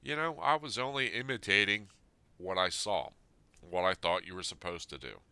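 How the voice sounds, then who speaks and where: A man's voice: low voice, normal speed, bright, forceful tone, clear, resonant tone, no echo. A man in his fifties, a podcast host, reading a personal letter aloud and then talking it over in an earnest, plain-spoken way. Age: 50s.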